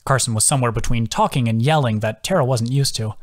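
A man's voice: mid-range voice, fast talker. A man, the author, reading his own fantasy novel as scripted audiobook narration. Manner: steady storytelling.

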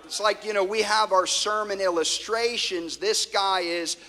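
A male pastor preaching a sermon, telling stories with swings from loud bursts to hushed tones. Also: high voice, steady tone, measured pace. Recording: long hall reverb.

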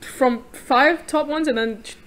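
A young woman with an Australian accent, hosting a casual livestream chat, giggly and quick to swear. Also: high voice, a little hiss or hum. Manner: giggly, chatty, swears freely. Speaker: livestream host.

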